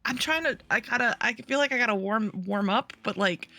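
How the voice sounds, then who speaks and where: A woman's voice: a little high, a little fast, few pauses, bright, forceful tone, no room sound. A woman co-casting an esports match, sarcastic and self-mocking, laughing often. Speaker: esports caster. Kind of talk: casual esports commentary. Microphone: headset or desk mic in voice chat.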